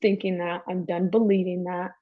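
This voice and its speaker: A woman guest with a lowish voice speaks at a moderate pace with flat delivery, in a dry, dull lo-fi recording. She tells her story candidly in an emphatic, chatty way, calling the listener "girl."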